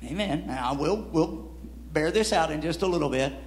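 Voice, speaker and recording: At a normal speed, a high-voiced preacher delivers his sermon, pressing points with mounting emphasis and then dropping his voice. Repeated words often trip him up, and he ends on "Amen".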